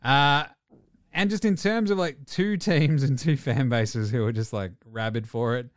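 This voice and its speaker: A man co-hosting a casual sports podcast, swearing freely and acting out coaches in quick asides. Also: mid-range voice, no room sound, clean studio sound. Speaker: podcast co-host.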